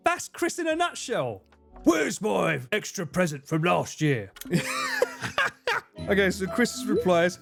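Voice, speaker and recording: A man's voice: fairly high pitch, expressive, normal speed, faint music behind. A man streaming live, chatting casually with his viewers, laughing often and swearing freely. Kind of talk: casual livestream chat.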